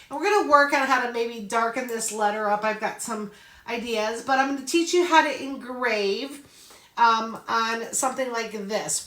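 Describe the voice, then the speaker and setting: A woman's voice: on the high side, fairly bright tone, reverberant. A chatty, upbeat woman hosting a live craft tutorial and greeting viewers by name. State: out of breath. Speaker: craft class host.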